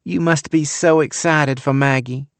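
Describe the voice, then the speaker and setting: A man's voice: a little high, fairly even intonation, measured pace, no echo, pitched above the performer's own voice. A male audiobook narrator voicing a sweet, airy young woman with a syrupy Southern accent. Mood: sugary. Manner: syrupy, breezy.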